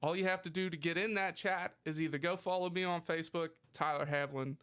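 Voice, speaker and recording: A man hosting a casual podcast, animated, profane and joking with his co-hosts. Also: fairly high pitch, brisk, smooth. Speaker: podcast host.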